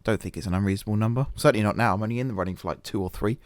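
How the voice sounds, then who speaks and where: A man rattles off rapid-fire, casual commentary on a management game for his gaming channel, rambling, making fun of himself, and stumbling through many fillers and restarts. His voice is on the low side, recorded at studio quality with no room sound.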